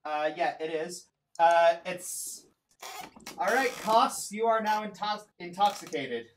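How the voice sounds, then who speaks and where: A man narrating a tabletop game as game master, in a lively, animated way. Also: sits high, takes it slowly, distant mic, slight background noise, poor audio.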